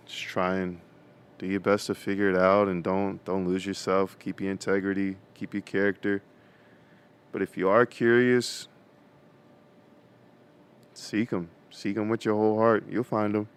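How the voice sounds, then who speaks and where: Young male vlogger, casual faith talk, smooth low voice, slangy. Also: level tone, measured pace, long pauses. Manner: casual slangy preaching with many fillers.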